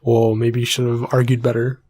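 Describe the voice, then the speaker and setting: A man's voice: medium pitch, monotone, moderate pace, a little mellow, husky. A young man co-hosting a casual podcast, teasing his co-host and steering the segments. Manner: playful, teasing, runs the segment.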